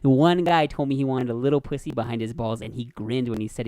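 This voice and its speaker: A man's voice: medium pitch, quick pace, dry recording. A man hosting a podcast, telling crude stories in casual chat, swearing and laughing often. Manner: animated storyteller, laughs a lot, swears. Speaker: podcast host.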